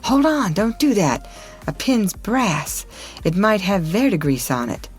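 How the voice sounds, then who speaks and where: A woman's voice: mid-range voice, big pitch swings, a little slow, soft background music, voice pushed up. Woman doing a frightened whispering boy. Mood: urgent. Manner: hushed, breathless whispering. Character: scared excitable boy adventurer.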